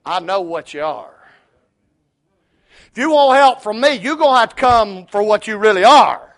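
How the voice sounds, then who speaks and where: A man preaching who voices a stern male prophet rebuking a deceitful woman, shouting his rebukes. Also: fairly high pitch, animated, measured pace.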